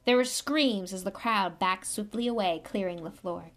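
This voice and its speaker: A woman reads a novel aloud with lively, expressive storytelling. Her delivery is animated and clear, carrying the action along. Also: mid-range voice, normal speed. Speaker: reader.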